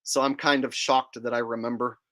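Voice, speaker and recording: A man's voice: medium pitch, flat delivery, fairly quick, sharp tone. Casual streamer: a man who jokes around and rambles through viewer comments. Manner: joking, rambling, reads out chat comments. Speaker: livestream host. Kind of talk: casual livestream chat.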